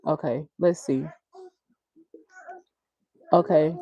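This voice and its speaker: A woman's voice: deep voice, fairly even intonation, very slow, mellow, breathy edge, dry recording. A woman, chatting casually on a livestream, laughing often and reading viewer comments aloud. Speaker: livestream host.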